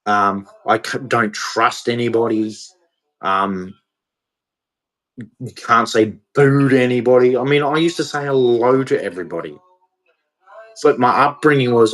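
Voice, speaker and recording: A man's voice: mid-range voice, unhurried, long pauses, fairly bright tone, low-quality recording. Man, 40s, ranting to camera, agitated, repeats himself. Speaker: vlogger. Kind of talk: emotional monologue to camera.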